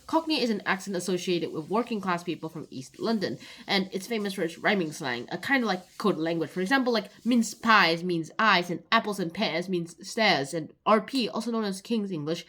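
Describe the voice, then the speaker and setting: A woman reads a kids' news magazine aloud in a relaxed, casual way. Her voice is mid-pitched, and she breaks up the stories with short, offhand remarks. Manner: reads aloud with brief chatty asides. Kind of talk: casual news reading with asides.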